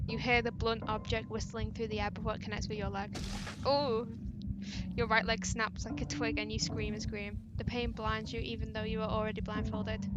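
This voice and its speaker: Woman reading a fangame out loud, keeps tripping over words and cracking asides, flat kinda high voice, noisy bg. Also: moderate pace, muffled recording. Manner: awkward reading with stumbles, laughs and asides. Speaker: game player. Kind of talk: reading a visual-novel fangame aloud.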